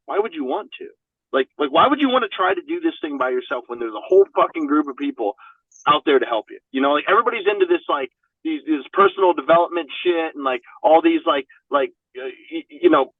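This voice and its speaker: Profane and filler-heavy, this podcast guest keeps dropping "you know what I mean" through a candid, casual conversation. His voice is a little high, with no echo, in a dry recording that sounds narrow like a phone.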